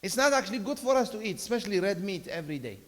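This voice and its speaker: A man with a high voice gives a Friday sermon in a mosque prayer hall, and his words ring out with a long reverb. He preaches in a chatty way, pushing hard on key words, then drops to a soft voice for stories and asides. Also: very animated, rapid-fire. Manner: conversational preaching with emphatic bursts and soft storytelling asides. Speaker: imam giving Friday khutbah.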